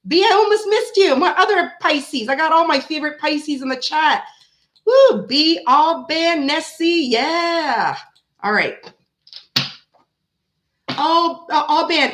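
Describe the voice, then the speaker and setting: Woman doing a tarot live, chatty and bubbly, voice a bit on the high side. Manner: chatty, greets viewers warmly by name, bursts of excitement. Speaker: tarot reader hosting a live stream. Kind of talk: casual live-stream chat.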